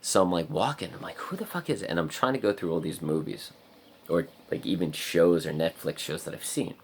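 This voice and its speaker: A man's voice: sits low, brisk, slight background noise. A man telling a story in a casual vlog, rambling with lots of "like" and frequent swearing. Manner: rambling, heavy use of "like" and swearing. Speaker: vlogger.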